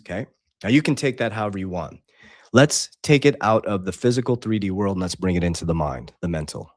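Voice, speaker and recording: A man's voice: lowish voice, animated, normal speed, no echo, studio quality. Intense man hosting a livestream. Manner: intense, preachy, swings between loud and quiet; reads out chat comments and Bible verses. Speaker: livestream host. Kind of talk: casual livestream talk.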